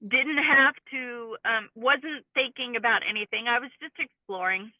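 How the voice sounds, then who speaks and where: A woman's voice: on the high side, a little slow, no echo. A woman, a cryptid field researcher and interview guest, earnestly recounting a personal encounter in detail. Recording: tinny phone-like call line, dry.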